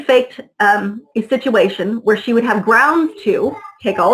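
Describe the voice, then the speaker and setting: A middle-aged woman, appearing as an interview guest, recounts her personal story in an unhurried, fairly high voice. She's blunt and heated, swears freely, and imitates the voices of people she quotes; the recording quality is low.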